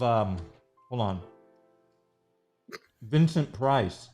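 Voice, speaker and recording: A man's voice: medium pitch, expressive, drawn-out words, dark tone, faint music behind. Playful joking man hosting a stream. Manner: joking, self-mocking, playful. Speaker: livestream host sketching live. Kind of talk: casual livestream banter.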